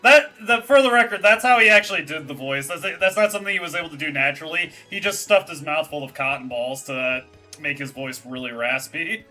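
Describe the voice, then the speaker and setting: A woman's voice: low-pitched, fairly quick, sharp tone, faint music behind. A woman streaming a video game, chatting casually and laughing between lines. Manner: chatty, laughs, reads game text aloud. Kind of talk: casual let's-play commentary.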